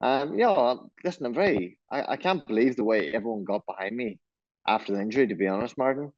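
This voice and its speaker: A man's voice: mid-range voice, expressive, fast, a little mellow, no echo, dull audio. A man with a Donegal Irish accent, a jockey talking casually in a remote interview, easygoing and self-deprecating, often restarting his sentences.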